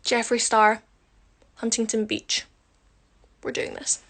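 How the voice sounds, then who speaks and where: Chatty high-voiced woman on a phone livestream. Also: monotone, slow, a bit bright, a little hiss or hum. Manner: chatty, teasing, jokes with viewers while doing her makeup. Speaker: livestream host answering viewer comments. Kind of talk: casual chat.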